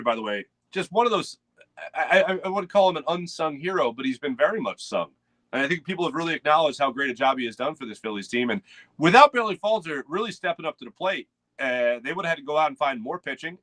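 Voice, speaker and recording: Philly sports host, male, bright slightly high voice, loose and rambling, dry close home-studio mic. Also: no room sound. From United States. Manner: rambling, chatty, reads out chat names. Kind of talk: casual live morning sports show.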